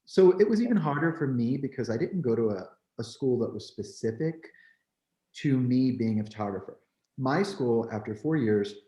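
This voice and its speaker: A man from New Jersey, a photographer, telling his story in an animated, candid way, peppering his talk with "like" and "you know.". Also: on the low side, highs cut off. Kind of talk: storytelling in a conversation. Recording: roomy echo.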